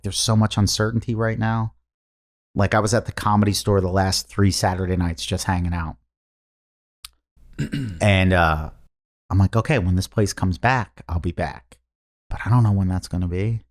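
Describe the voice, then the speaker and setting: Deep-voiced male comedian telling stories. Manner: rambling, animated storyteller, laughs mid-story. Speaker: stand-up comedian guest. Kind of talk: casual storytelling.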